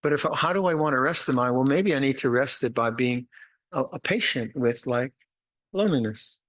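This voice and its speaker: An older man, a monastic teacher, giving an unhurried, reflective dharma talk with meditation instructions, often restarting phrases and adding gentle humor. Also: mid-range voice. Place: retreat meditation hall.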